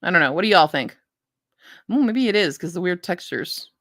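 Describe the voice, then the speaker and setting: A woman's voice: fairly low pitch, normal speed, no echo, clean studio sound. Chatty woman streaming book picks. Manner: chatty, animated, talks to her puppy in a soft baby voice. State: tired. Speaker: book reviewer streaming live. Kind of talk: casual live-stream chat.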